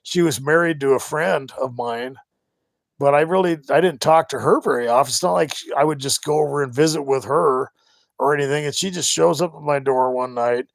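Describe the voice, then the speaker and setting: A middle-aged man hosting a live stream, talking casually and rambling with many halting restarts. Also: on the high side, vocal fry, no echo. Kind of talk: casual livestream monologue.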